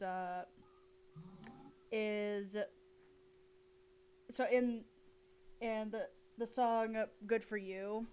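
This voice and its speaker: A young woman art streamer chatting casually while she draws, rambling with lots of fillers and quick giggles. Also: medium pitch, a little mellow, a little hiss or hum, low-quality recording. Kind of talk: casual chat while drawing.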